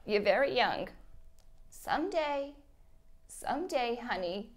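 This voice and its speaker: A woman's voice: on the high side, sing-song, takes it slowly, exaggerated voice. A woman playing a nagging, guilt-tripping mother. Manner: melodramatic, whiny, guilt-tripping. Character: nagging, guilt-tripping middle-aged Jewish-style mother. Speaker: sketch actor. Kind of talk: comedy sketch phone call.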